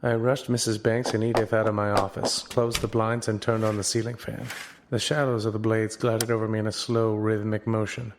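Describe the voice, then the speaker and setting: An actor playing a wisecracking hard-boiled private eye, narrating a comedic noir radio play in a dry, self-amused way. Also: male voice, fairly low pitch, flat delivery, moderate pace, noisy background, natural voice. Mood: wry. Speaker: narrator and lead detective. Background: guitar music.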